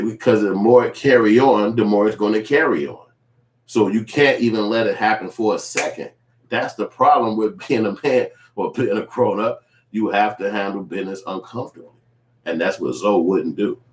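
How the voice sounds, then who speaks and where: Man, vlog commentator, profane and animated, lowish voice, echoey room sound. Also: moderate pace. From Chicago. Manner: profane, blunt, animated storytelling. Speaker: YouTube commentator.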